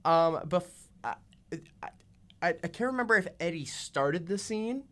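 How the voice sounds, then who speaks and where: A young man co-hosting a casual podcast, a little out of breath, haltingly searching for words as he recalls scenes. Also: high-pitched, animated, a bit bright. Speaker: co-host.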